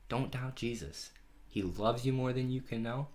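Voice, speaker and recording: A man leading a children's Bible lesson from home, telling the story in an animated way and asking the kids questions. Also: medium pitch, normal speed. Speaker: children's pastor. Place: home during lockdown.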